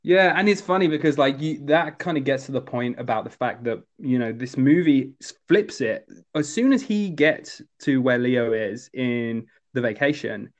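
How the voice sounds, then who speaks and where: A man casually discussing a film as a podcast co-host, animated and full of fillers. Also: moderate pace, few pauses, muffled recording. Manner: animated, jumps to high voices when quoting characters.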